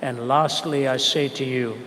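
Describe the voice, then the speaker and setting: A man preaching an earnest storytelling sermon to a live audience, asking rhetorical questions and slowing down for emphasis. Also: mid-range voice, steady tone, a bit bright. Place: large hall with a live audience. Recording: reverberant hall, faint background noise.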